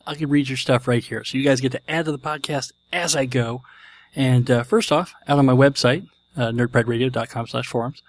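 A man's voice: medium pitch, dry recording. Chatty, jokey male podcast host. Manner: jokey, self-deprecating, chatty. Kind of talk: casual podcast chat.

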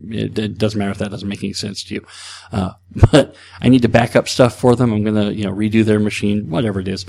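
A man's voice: fairly low pitch, steady tone, fast talker, vocal fry, darkish tone. A man hosting a solo podcast, chatting casually in a rambling way with frequent restarts. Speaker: podcast host.

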